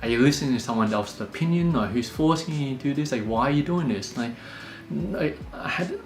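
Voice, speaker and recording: A young Australian man calmly telling a personal story, full of fillers and restarts. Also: mid-range voice, brisk. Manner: calm, many fillers and restarts. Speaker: podcast host. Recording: echoey room with faint music.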